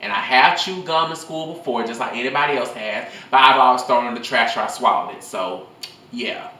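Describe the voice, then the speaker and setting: A man's voice: mid-range voice, brisk, echoey room, far from the mic. A young man telling school stories in a casual vlog, rambling and swearing freely into his phone. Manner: rambling, profane, animated storytelling.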